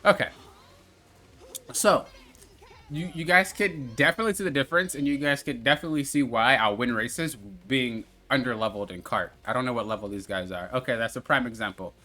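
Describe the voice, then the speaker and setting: Bright-voiced young man coaching gameplay. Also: medium pitch, a little fast. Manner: casual, repetitive, coaching viewers step by step. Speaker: gaming channel host. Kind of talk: gameplay tutorial commentary.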